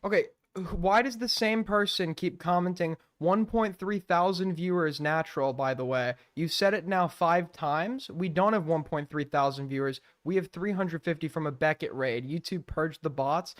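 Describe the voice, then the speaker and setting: A man's voice: fairly high pitch, moderate pace, hardly any pauses, dry recording, studio quality. A man hosting a live stream, mocking what he watches in profane, ranting commentary. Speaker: streamer host.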